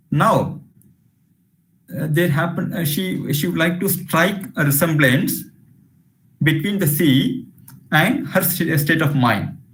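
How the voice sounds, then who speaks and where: A man giving an online literature lecture, hesitating often with fillers. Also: a little high. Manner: hesitant, many fillers, reads passages aloud. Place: home room on a video call. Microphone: video call.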